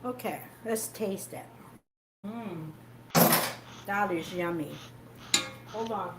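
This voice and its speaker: A woman's voice: medium pitch, slow pace, very noisy. A woman hosting a casual cooking livestream, chatting and explaining each step as she bakes. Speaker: cooking show host.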